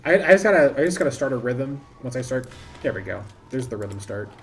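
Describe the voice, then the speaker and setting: Soft music plays behind a man whose mid-range, very animated voice moves a little fast with a fairly bright tone. He's casually commentating live on his own shooter-game stream, rambling over the action and making self-deprecating jokes about his play.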